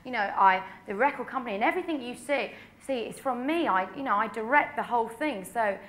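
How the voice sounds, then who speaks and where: A woman's voice: fairly high pitch, expressive, quick pace, a bit bright. An English woman in her twenties, a pop singer answering press questions in a chatty, candid way full of "you know". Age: 20s.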